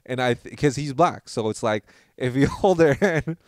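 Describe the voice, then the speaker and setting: A man's voice: medium pitch, normal speed, no echo. A young man in the middle of his voice range, chatting casually as a podcast host. He rambles through a story, restarts his sentences and slips into the voices of the people he quotes. The sound is close and dry, with no room around it. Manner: rambling, animated, acts out quotes.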